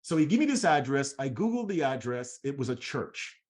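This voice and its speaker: A young man giving a motivational training talk as an MLM trainer, telling a personal story in a slangy, animated way and acting out the dialogue. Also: medium pitch, brisk.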